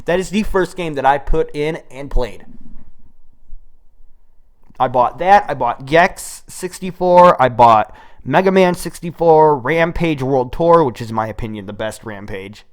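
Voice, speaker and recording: A man's voice: on the high side, normal speed. American guy in his 20s rambling thru a story, swears a lot, old mic. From United States. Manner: rambling, profane, animated retelling. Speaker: solo storyteller. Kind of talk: casual storytelling monologue. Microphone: old microphone.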